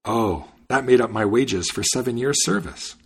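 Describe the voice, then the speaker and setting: A man's voice: medium pitch, normal speed, husky. A man reading the part of a cheerful, naive young man who is eager and delighted.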